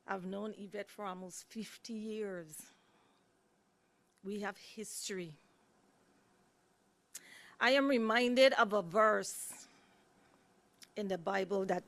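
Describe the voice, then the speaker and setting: Slow-speaking woman. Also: medium pitch, no echo. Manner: earnest, personal, lightly humorous. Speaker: speaker introducing a judge. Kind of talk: ceremonial speech. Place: courtroom. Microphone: podium microphone.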